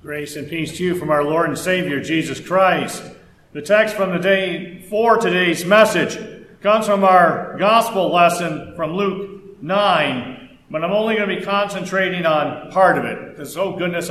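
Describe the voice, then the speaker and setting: A man's voice: on the high side, unhurried, a bit bright, echoey room, rough recording. A male pastor preaching a sermon in a conversational way, with folksy asides and stories.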